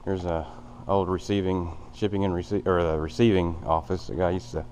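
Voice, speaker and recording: A man with a deep, low voice walks a handheld camera through a big empty factory. His talk is casual and plainspoken and rambles along with fillers. A faint hum sits under his voice. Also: fairly even intonation, moderate pace, darkish tone. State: out of breath. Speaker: vlogger touring a building. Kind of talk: casual walkthrough narration. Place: large empty old factory, indoors.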